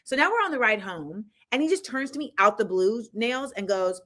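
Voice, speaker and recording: A woman hosts a podcast and tells a comic tale from her own life. Her voice is bright and forceful, and she slips into the voices of the people in her story. Her phrasing is casual and full of slang. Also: fairly high pitch, moderate pace. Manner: animated, acts out the people in her stories. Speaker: podcast host. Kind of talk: comedic personal storytelling.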